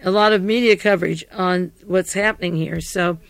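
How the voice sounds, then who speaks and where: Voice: mid-range voice, fairly even intonation, normal speed, vocal fry, a bit bright, no room sound. A radio commentator with a tired voice, giving a rambling, digressive taped monologue that often stops to correct itself.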